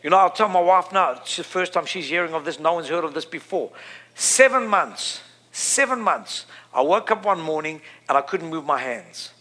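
A man preaching a sermon, emphatic, repeating his phrases and building to loud peaks. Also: on the high side, animated, normal speed.

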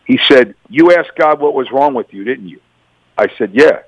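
A man's voice: medium pitch, lively intonation, moderate pace, breathy edge, dry recording, rough recording. A middle-aged man from New York giving a personal testimony as a radio interview guest, telling his story and acting out both sides of the dialogue.

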